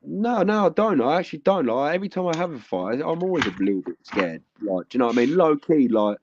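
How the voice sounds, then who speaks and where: A man's voice: fairly high pitch, very animated, quick pace, darkish tone, dull audio, a little hiss or hum. A young man, chatting casually on a podcast, rambling with lots of fillers and swearing.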